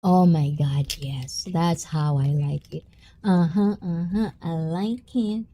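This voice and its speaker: A woman's voice: lowish voice, slow, dark tone, slight background noise. A young woman, hosting a casual livestream chat in a bubbly, giggly way. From Japan and the Philippines. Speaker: livestream host.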